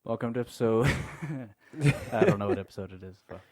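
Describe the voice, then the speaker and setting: A man's voice: mid-range voice, lively intonation, moderate pace, darkish tone, no room sound, clean studio sound. A young man hosting a casual podcast chat, loose and rambling, laughing often and cursing casually. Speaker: podcast host. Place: small room with co-hosts in person.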